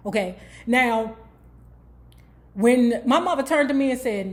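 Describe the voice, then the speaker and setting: A woman's voice: fairly high pitch, animated, measured pace, long pauses. A woman from Washington, D.C. hosting a book club vlog, casually retelling a life story with candid, profane asides and frequent "okay?" check-ins.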